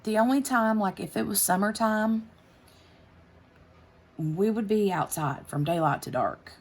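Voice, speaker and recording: A woman's voice: medium pitch, animated, a little slow. A woman, chatting casually on her craft channel while she works, rambling with lots of fillers and restarts. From United States.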